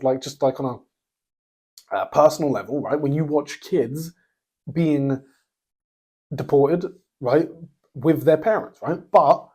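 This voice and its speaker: A man's voice: on the high side, a little mellow, husky. A man hosting a podcast, giving a blunt, opinionated commentary monologue with many restarts and a habit of tagging sentences with "right?". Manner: blunt, repeats "right?" as a tag question; halting, with many restarts and fillers. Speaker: podcast host.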